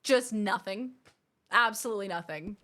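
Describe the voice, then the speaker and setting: A woman's voice: mid-range voice, moderate pace. A woman streamer playing a game live, joking and exclaiming at what happens on screen. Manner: animated, jokey, exclaiming at the screen.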